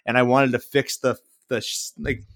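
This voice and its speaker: A man's voice: mid-range voice, little pitch movement, moderate pace, dry recording, clean studio sound. A man, a podcast host casually telling a rambling anecdote full of "like" fillers. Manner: rambling anecdotal, frequent "like" fillers, mimics others in quotes. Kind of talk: casual storytelling chat.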